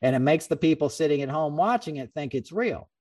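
A man hosting a podcast in casual political chat, rambling and animated, with many restarts and swearing. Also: a little high, fairly quick, distant mic. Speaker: podcast host.

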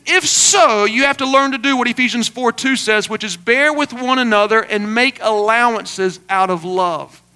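A pastor preaching in a voice that sits very high and sounds bright and forceful. He talks earnestly and conversationally, doubling up words as he goes. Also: clear, resonant tone. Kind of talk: sermon.

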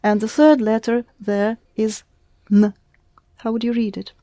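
A woman's voice: a little high, steady tone, measured pace, warm tone, no echo, studio quality. A woman teaching a lesson in English, explaining patiently and prompting her student with questions. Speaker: Russian language teacher. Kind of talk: one-on-one language lesson.

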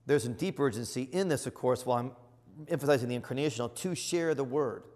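A middle-aged man preaches with earnest, emphatic conviction, his voice sitting at an ordinary male pitch. His words ring out with a long reverb trailing behind them, as in a large church hall. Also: fast. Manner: earnest and emphatic, surging to loud exclamations. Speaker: bishop. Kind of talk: sermon-style teaching.

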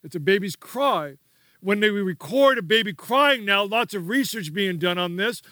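A man's voice: sits high, lively intonation, normal speed, sharp tone, no room sound, studio quality. A man preaching a sermon as pastor, emphatic and repetitive, prompting the congregation to repeat key words.

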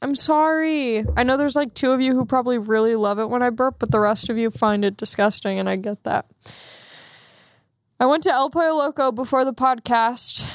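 Young woman podcaster, quick chatty storyteller, fairly high voice, dry mic. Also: no echo. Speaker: podcast host. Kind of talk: casual chat.

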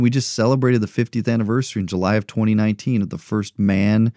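A middle-aged man with a low, warm-toned voice delivers a motivational podcast monologue. He speaks earnestly and encouragingly and keeps returning to rhetorical questions. The sound is dry and close. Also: steady tone, brisk, hardly any pauses, no echo. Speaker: podcast host.

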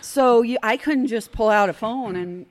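A middle-aged woman telling a personal story in a casual podcast chat, animated and vivid. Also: on the high side, a little slow. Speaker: podcast guest.

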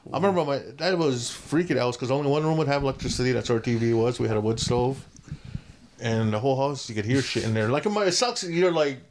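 A man rattling off rambling stories at a quick clip, full of fillers and restarts. A faint hiss runs under his voice. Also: mid-range voice, a little mellow. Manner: fast rambling storyteller with fillers. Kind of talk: casual chat, storytelling.

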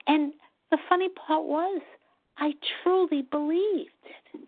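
A middle-aged woman sharing her personal recovery story at a meeting, talking in a halting, earnest way. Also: sits high, steady tone. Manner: slow, halting, earnest, with pauses and restarts. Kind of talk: personal testimony at a support meeting. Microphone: phone call. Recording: tinny phone line.

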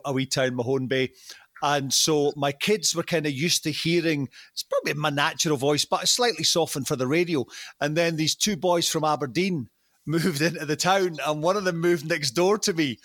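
A man's voice: on the high side, fairly bright tone, no room sound. A Scottish man chatting as a podcast guest, telling stories with fillers and laughs. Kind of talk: casual podcast chat.

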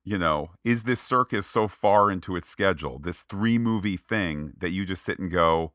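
A man's voice: sits low, normal speed, no echo, studio quality. A man co-hosting a movie podcast, chatting casually and acting out quoted lines. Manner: animated, acts out quoted lines. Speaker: podcast co-host. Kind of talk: casual movie review chat.

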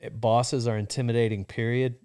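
A man in casual conversation, relaxed and reflective, recalling a nervous phone call with a boss and using lots of "you know.". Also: mid-range voice, a little fast, smooth. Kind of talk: casual chat.

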